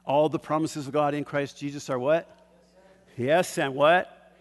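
A grandfatherly man preaches with a slightly raised pitch, throwing questions out to the congregation and letting them answer. He moves between loud calls and quieter, chuckling asides. The sound carries a long reverb, like a large sanctuary. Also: steady tone, measured pace. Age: older. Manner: call-and-response, asks the congregation to fill in words; chuckles often, shifts from loud to hushed. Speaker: pastor. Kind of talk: sermon.

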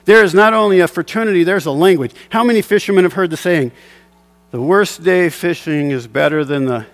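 Speaking a little fast in a high voice, a middle-aged man preaches as a pastor. He alternates between passionate urging and a personal fishing tale punctuated by chuckling asides.

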